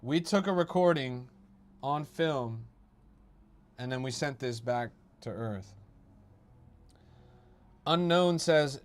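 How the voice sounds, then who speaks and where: A man's voice: a little high, lively intonation, unhurried, pauses often. Profane young man ranting at his stream chat. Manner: profane, mocking, rants at chat. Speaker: crypto livestreamer. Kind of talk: livestream chat commentary.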